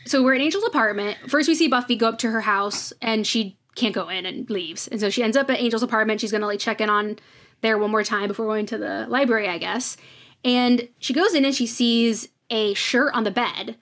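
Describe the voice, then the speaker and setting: A woman's voice: on the high side, fairly quick, fairly bright tone. A woman co-hosting a podcast, casually retelling episode scenes and quoting characters with lots of fillers. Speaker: podcast co-host recapping episodes. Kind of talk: casual chat.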